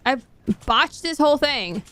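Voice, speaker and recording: A woman with a somewhat high voice, chatting away as she streams a game. She thinks out loud and pokes fun at her own mistakes in an easy, offhand way. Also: animated, unhurried, slight background noise. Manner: chatty, self-mocking, thinks aloud. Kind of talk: casual gaming stream chat.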